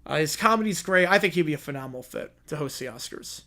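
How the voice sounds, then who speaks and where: A man's voice: a little high, expressive, quick pace, pushed and bright. A man hosting a live stream, chatting casually and rambling, often repeating himself. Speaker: streamer host.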